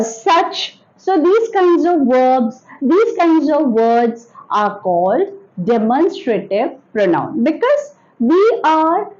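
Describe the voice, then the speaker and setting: A woman teaching an English grammar lesson to children, speaking slowly and repeating each point with examples. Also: sits high, darkish tone, lo-fi sound. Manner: addresses children directly.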